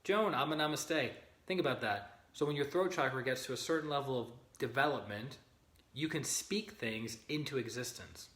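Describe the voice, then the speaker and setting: A man's voice: mid-range voice, normal speed, fairly bright tone. A man giving a live-streamed spiritual teaching, earnest and often checking in with his listeners. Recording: roomy echo.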